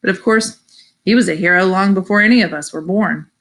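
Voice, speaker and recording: A woman's voice: mid-range voice, fairly quick, a bit bright. Woman reading a novel aloud. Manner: chatty asides, explains phrases to listeners. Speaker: audiobook reader.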